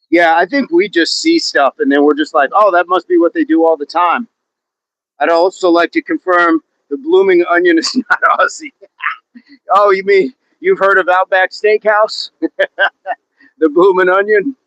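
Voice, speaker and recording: Speaking at a measured pace, a high-pitched man with a fairly bright tone runs a fitness livestream from outside. He's jokey and chatty as he goes through viewer comments, laughing often, and the audio comes across as dull, dry and lo-fi.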